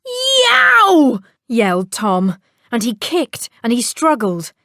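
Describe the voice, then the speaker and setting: A woman reading a children's storybook aloud with playful, expressive delivery. She reads slowly, her voice rising and falling in a lively way. The recording is dry and close. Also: medium pitch, no echo. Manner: expressive, with sound-effect words.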